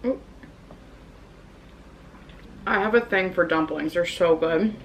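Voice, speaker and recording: A woman's voice: lowish voice, slow pace, slight background noise, low-quality recording. A young woman vlogger in a casual mukbang, chatting and rambling while she eats, in her apartment. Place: apartment room in New York.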